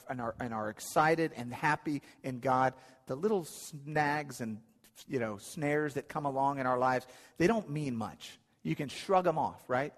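A man preaching a sermon in an earnest, emphatic way, often repeating his key phrases. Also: mid-range voice. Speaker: pastor. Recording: long hall reverb.

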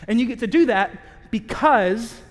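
A man preaching a sermon in a candid, conversational way, with self-aware asides and slow, emphatic stress on key phrases. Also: very high voice, animated. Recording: long reverb of a large hall.

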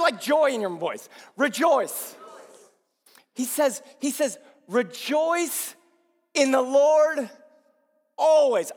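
Preaching man, lively sweeping pitch. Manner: preaching with sweeping rises and drops. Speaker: pastor. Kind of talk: sermon. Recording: long hall reverb.

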